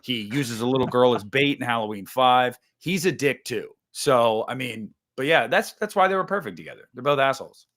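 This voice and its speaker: A man talking casually about horror films, swearing freely and acting out scenes, jumping into loud bursts. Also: medium pitch, brisk, few pauses. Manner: animated, swearing, acts out movie scenes with sudden loud jumps. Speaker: podcast host. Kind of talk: casual movie chat.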